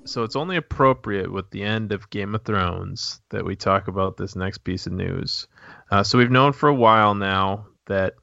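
A man's voice: fairly low pitch, normal speed, gravelly, pushed and bright, highs cut off. A man co-hosting a podcast in casual chat, with a dry, matter-of-fact delivery. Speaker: podcast co-host.

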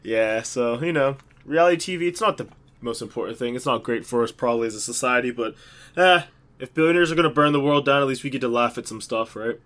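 A man's voice: mid-range voice, fast, a bit bright. A man co-hosting a podcast, telling rambling jokey stories in casual chat with lots of fillers. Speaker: podcast co-host.

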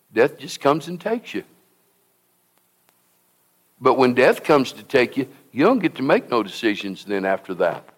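A pastor preaching a sermon to his congregation in a church, swinging from hushed to loud and repeating phrases for emphasis. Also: fairly high pitch. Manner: impassioned preaching with sudden swings from soft to loud. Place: church sanctuary.

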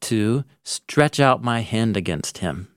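A man co-hosting a podcast, casually walking through a Bible story and acting out its lines with animated delivery. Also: lowish voice, takes it slowly, no room sound, studio quality. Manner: animated storyteller, acts out quoted lines with laughs. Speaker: podcast co-host, Bible teacher. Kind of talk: casual conversational Bible discussion.

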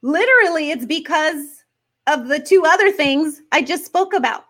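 A woman hosting a faith podcast, talking earnestly to her listeners and leaning on slow, emphatic questions. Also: high voice, animated, a bit bright. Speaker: podcast host.

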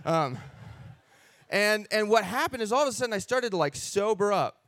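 A man sharing his personal faith testimony in an earnest, animated way, often acting out his own thoughts. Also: high-pitched, moderate pace, no room sound.

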